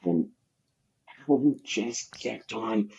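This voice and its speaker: A man's voice: lowish voice, expressive, slow pace, gravelly, dark tone, husky. A man, a podcast guest, telling rambling stories about his sales jobs in a casual, profane way, full of fillers. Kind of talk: casual anecdotal storytelling. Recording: dull lo-fi podcast audio.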